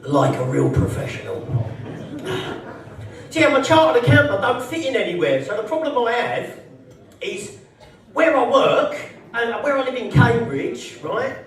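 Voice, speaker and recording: A man's voice: extremely high pitch, lively intonation, moderate pace, a bit bright, heavy reverb, recorded from a distance. A man performing a live stand-up set in a social club, brash, sweary and mocking. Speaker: stand-up comedian. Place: social club comedy night, indoors.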